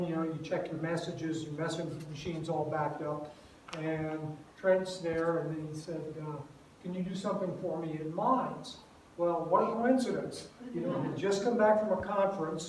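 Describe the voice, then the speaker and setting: A retired older man speaks to a student audience in a very echoey hall, heard from a distance. His voice sits a little high for a man, and he keeps it relaxed and self-deprecating, with plenty of uhs between thoughts. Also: a little hiss or hum. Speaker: guest speaker. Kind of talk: lecture to a campus group. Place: large echoey room. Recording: echoey room, far from mic.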